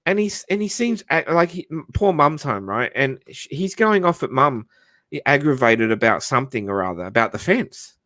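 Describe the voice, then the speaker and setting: A man's voice: medium pitch, sing-song, normal speed, pushed and bright, no room sound, clean studio sound. An Australian man telling a long anecdote in casual livestream chat, rambling with restarts and frequent swearing. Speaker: livestream host.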